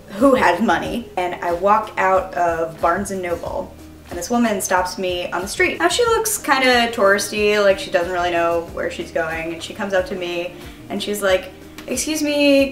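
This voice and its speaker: A woman telling a personal anecdote in a wry, animated way. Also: lowish voice. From New York area resident. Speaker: storyteller. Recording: roomy, distant mic.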